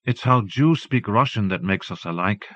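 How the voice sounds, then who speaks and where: A man's voice: fairly low pitch, animated, normal speed, fairly bright tone, dry recording, dull audio. A man reading the lines of a wry, guarded Russian immigrant woman in an audiobook.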